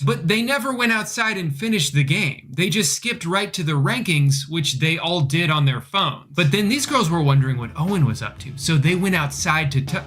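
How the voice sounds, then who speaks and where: A man narrating comedic commentary on a reality show, sarcastic and deadpan, swearing casually. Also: fairly high pitch. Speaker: video commentator.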